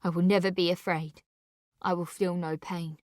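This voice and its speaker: A woman voicing a furious, grief-stricken young girl in a storybook reading, her lines shrill and hysterical. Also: little pitch movement, normal speed, a little mellow, no echo, studio quality, natural voice. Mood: grim resolve.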